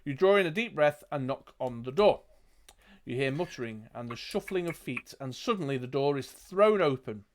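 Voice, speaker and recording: A man's voice: medium pitch, expressive, normal speed, slight background noise. Man narrating a gamebook. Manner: reads the book aloud, chatty asides. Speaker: game master.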